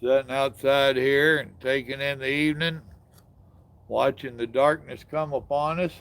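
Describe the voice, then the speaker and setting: A man's voice: medium pitch, fairly even intonation, unhurried, gravelly, a bit bright, clean tone. An older man hosting a casual live stream outdoors, chatting with viewers in a folksy, drawling way. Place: outdoors in the evening.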